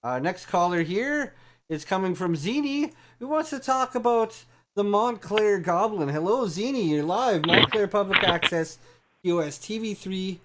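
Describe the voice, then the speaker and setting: A man with a slightly high voice hosts a comedic call-in show. He chats loosely and keeps jumping in with questions. His delivery is eager and a little scattered. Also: animated, a little slow, fairly bright tone, a little hiss or hum. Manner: chatty, interrupts with eager questions. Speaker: talk show host.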